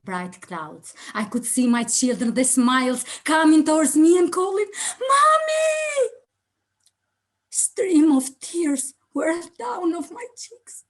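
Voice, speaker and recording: Slow, dramatic woman giving a motivational speech. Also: a little high. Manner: slow, theatrical storytelling with big swings between hushed and loud. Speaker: speaking contest speaker.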